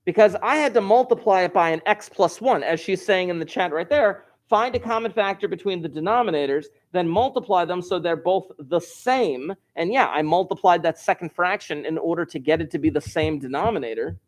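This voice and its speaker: A man's voice: sits high, expressive, fairly quick, hardly any pauses. A man teaching an online algebra class, explaining steps while joking and chatting with his students. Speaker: math teacher. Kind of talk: live online class lesson.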